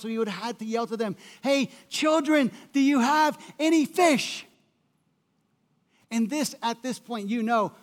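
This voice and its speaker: Guy preaching a sermon, acts out the quotes, chatty asides, sounds like a big church hall. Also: high voice. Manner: animated storytelling, acting out quotes, conversational asides. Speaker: pastor. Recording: long hall reverb.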